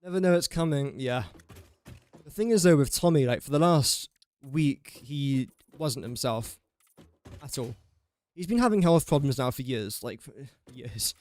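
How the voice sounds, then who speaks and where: While live-streaming a building game, a young man from England chats easily and walks himself through each step aloud. His medium-pitched voice is expressive, unhurried and a little mellow.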